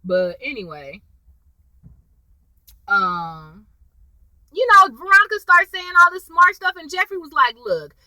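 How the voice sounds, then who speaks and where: A woman casually recapping a TV episode, acting out the characters' lines in a lively, chatty way. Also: very high voice, a little slow, long pauses, no room sound, rough recording. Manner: animated, acts out characters' lines. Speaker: TV episode reviewer.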